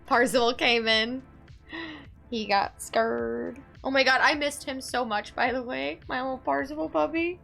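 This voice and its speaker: A woman telling a story casually to her chat, animated and dramatic in her ranting. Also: high voice, a little slow, gravelly, faint music behind. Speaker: streamer.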